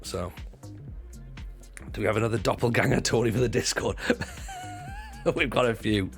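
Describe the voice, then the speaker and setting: A man's voice: lowish voice, fairly even intonation, brisk, vocal fry, soft background music. A man who used to do stand-up, chatting in a jokey way with viewers on his livestream, swearing freely and restarting his sentences. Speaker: livestreamer and former stand-up comic. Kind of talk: casual livestream chat with viewers.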